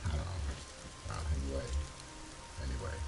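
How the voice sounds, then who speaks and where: A man from Europe chatting casually, halting and repeating his words in non-native phrasing, with faint rain behind him. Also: extremely low pitch, vocal fry, background noise. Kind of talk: casual one-sided chat.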